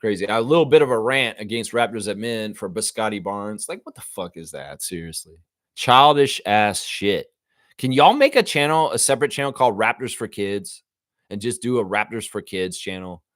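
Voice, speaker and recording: A man's voice: lowish voice, sing-song, normal speed, a bit bright, no room sound, clean studio sound. A man hosting a live fan reaction show, ranting in a profane, exasperated way with repeated outbursts. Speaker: sports show host.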